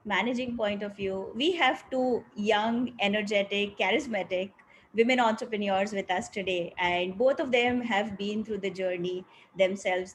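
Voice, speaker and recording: A woman's voice: medium pitch, a little hiss or hum, low-quality recording. A woman, moderating a panel and introducing guests in a welcoming way. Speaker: panel moderator, company CEO.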